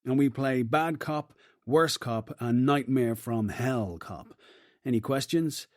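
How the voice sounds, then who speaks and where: A man voicing a commanding detective chief giving orders with brisk, dry humour. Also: medium pitch, a little mellow, no room sound, natural voice. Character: wry, commanding male detective boss.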